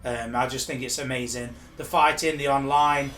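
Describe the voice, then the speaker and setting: A man's voice: mid-range voice, steady tone, normal speed, fairly bright tone, slight background noise. A man appearing as a guest, chatting casually and enthusiastically about games. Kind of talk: casual chat.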